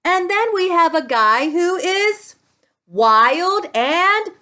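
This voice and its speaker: A woman speech-language pathologist teaching young children a speech sound with toys, talking slowly and stretching her sounds. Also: very high-pitched, animated, bright, forceful tone.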